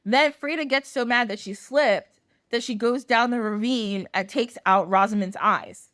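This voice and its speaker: A woman's voice: a little high, measured pace, a bit bright, dry recording, studio quality. A woman podcast host telling a fairy tale in a chatty, casual way full of fillers and swearing. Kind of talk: casual storytelling.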